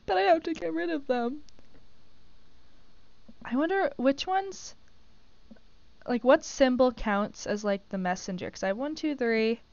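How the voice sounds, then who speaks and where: A woman hosting a casual live stream while gaming, gushing and excitable as she rambles along. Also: high voice, gravelly, no room sound, muffled recording. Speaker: streamer host.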